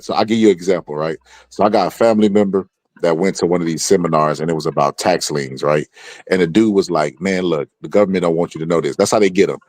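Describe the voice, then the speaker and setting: A male host of a casual talk show, telling long animated stories full of restarts. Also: sits low, no room sound. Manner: animated rambling storyteller, many restarts. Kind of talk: casual podcast chat.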